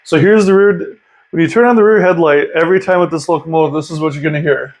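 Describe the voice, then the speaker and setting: A man with a somewhat high voice walks through a hobby setup in a casual tutorial. He talks chattily and with real enthusiasm, thinking out loud as he goes. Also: fast talker, slight background noise, poor audio. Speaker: model train hobbyist host.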